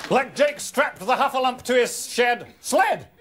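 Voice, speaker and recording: A man narrates a mock-heroic adventure in a wry tone. His voice sits high. A studio audience is clearly heard behind him. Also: lively intonation, a little slow, a crowd in the background, noisy background. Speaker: improv performer.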